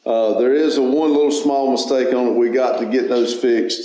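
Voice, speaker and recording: A man's voice: medium pitch, steady tone, warm tone. Man chatting in a very echoey garage. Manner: rambling, halting restarts. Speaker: channel host. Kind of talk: casual chat. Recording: very echoey, dull lo-fi room.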